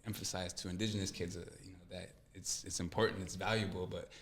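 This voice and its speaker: Guest man, very low voice, reflective storytelling, echoey room. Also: little pitch movement, fast, fairly bright tone, a little hiss or hum. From California. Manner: earnest, reflective storytelling with acted quotes. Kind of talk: casual interview chat.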